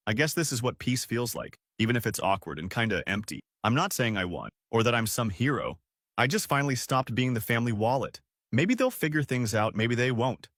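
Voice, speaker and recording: A man reading a first-person story aloud in a plain, steady storytelling tone. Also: mid-range voice, no room sound, clean studio sound. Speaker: narrator.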